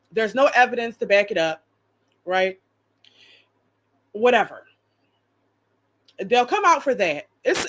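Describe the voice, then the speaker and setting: A woman streamer giving blunt, profane live commentary and reading out chat viewers' names. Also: mid-range voice. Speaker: reaction streamer.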